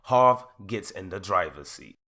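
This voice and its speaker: Man, low voice, casual recap, reads quotes and acts them out. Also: animated, measured pace, very noisy. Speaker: commentator. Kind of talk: casual recap of court testimony.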